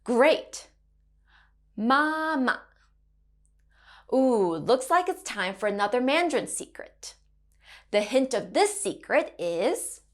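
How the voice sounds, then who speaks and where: Woman teacher for a kids' language lesson, bright and bouncy, slow and clear. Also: on the high side. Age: adult parent. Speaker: Mandarin teacher.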